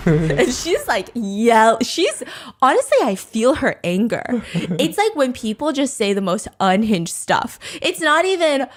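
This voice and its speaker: A woman hosting a podcast, telling a dating drama in an animated, gossipy way and laughing often. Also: on the high side, unhurried. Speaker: podcast host. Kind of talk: storytelling commentary.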